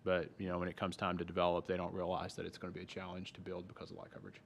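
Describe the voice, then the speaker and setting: Deep-voiced man explaining zoning rules. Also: completely flat delivery, creaky. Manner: measured, explanatory, restarts often. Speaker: town planning staff member. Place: town hall meeting room.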